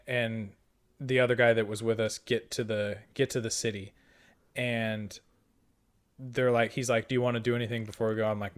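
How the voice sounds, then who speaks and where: A young man casually retelling a tabletop game session, swearing freely and quoting the other players. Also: lowish voice. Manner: profane, animated retelling with quoted dialogue. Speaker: podcast host.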